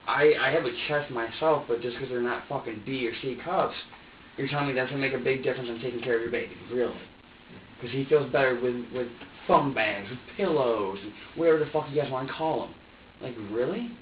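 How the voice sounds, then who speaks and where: A man's voice: mid-range voice, quick pace, echoey room. A young man tells his story in a police interrogation room, swearing almost every line as he acts out past arguments. The sound is a muffled security recording picked up from a distance, with the room ringing around him and a faint hiss underneath. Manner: heavy swearing, re-enacting arguments. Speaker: interrogation subject. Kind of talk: agitated personal account. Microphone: distant security camera mic.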